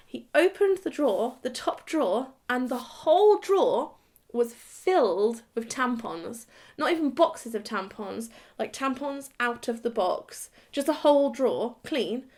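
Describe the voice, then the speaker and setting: A woman in her thirties, a vlogger, tells a comic story about her past in a rambling, chatty manner. She giggles often and slips into little performances of the dialogue. Her voice sits a touch high for a woman. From Britain.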